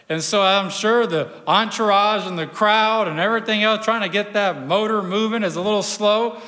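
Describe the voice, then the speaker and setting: A male pastor preaching a sermon, retelling a gospel story with dramatic pauses and hushed drops. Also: sits high. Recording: long hall reverb.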